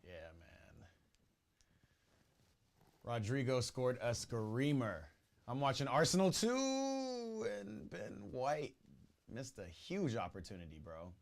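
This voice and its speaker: A man hosting a live football watch party stream, reacting excitedly and chatting casually to viewers in slang. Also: medium pitch, slow, pauses often. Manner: excitable, slangy, exclaims at goals.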